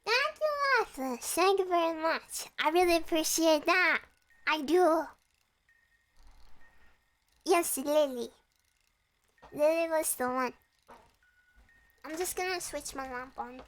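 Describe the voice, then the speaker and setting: A woman's voice: very high-pitched, lively intonation, takes it slowly, long pauses, a bit bright. A young woman chatting casually and playfully with her viewers on a stream from her room. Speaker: VTuber streamer.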